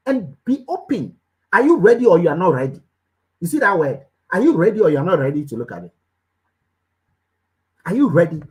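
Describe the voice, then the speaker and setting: A woman's voice: fairly low pitch, a little mellow, low-quality recording. A woman giving a motivational business talk as a coach, hammering home short commands and firing questions straight at her listeners. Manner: emphatic, repeats short commands again and again; preachy, questioning the listeners directly.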